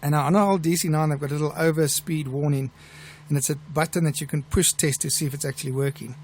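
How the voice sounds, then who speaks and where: Gravelly South African man telling stories. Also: on the high side, fast talker, slight background noise. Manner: chatty, relaxed storyteller with restarts. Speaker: airline pilot and show host. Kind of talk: live show chat and anecdote telling.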